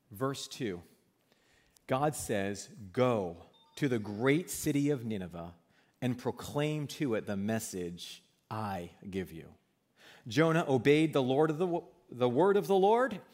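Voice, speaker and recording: A man's voice: mid-range voice, darkish tone. A man preaching a sermon as pastor, earnest and conversational, often repeating himself as he builds a point.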